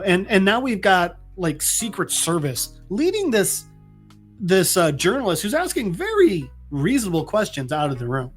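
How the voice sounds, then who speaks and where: A man's voice: high voice, big pitch swings, moderate pace, slightly rough, faint music behind. A man hosting a casual comic book recap, rambling with many restarts. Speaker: host.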